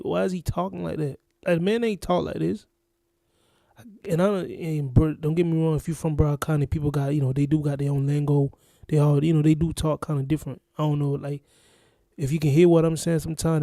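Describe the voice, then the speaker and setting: A man from Florida talks through a reaction video in loose, repetitive casual commentary. His voice sits a bit high yet sounds very dark and mellow. The sound is close and dry. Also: vocal fry, no room sound. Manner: rambling, repetitive, exasperated. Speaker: reaction channel host.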